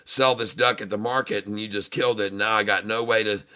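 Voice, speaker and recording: A man's voice: fairly low pitch, fairly even intonation, fast, bright, forceful tone, smooth, voice pushed down. A man voicing a poor, naive teenage boy in a joke, sounding flustered and complaining.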